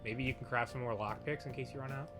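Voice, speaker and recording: A man's voice: medium pitch, fairly even intonation, fast, music in the background. A young man co-hosting a game stream, teasing and laughing in casual chat. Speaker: co-host playing a game.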